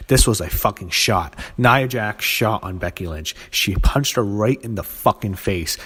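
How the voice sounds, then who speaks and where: An angry man with a low-pitched voice rants through a casual wrestling review, swearing hard and stumbling over fillers and restarts. His voice trails off into a long reverb, as if he is in a large, echoing hall. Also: lively intonation, fairly bright tone, husky. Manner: angry profane ranting; halting, full of fillers and restarts.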